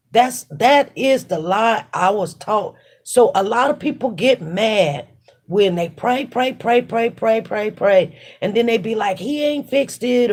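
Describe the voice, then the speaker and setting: A woman's voice: on the high side, a little mellow, husky. A woman hosting a casual livestream, talking through her thoughts in an emphatic, repetitive way while she works. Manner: repetitive, emphatic, faith-centred musing. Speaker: livestream host. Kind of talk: casual spoken reflection while working.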